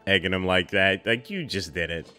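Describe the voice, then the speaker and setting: A man's voice: deep voice, moderate pace, bright, forceful tone, soft background music. A man hosting a reaction video, exclaiming and chatting in casual slang about what he watches.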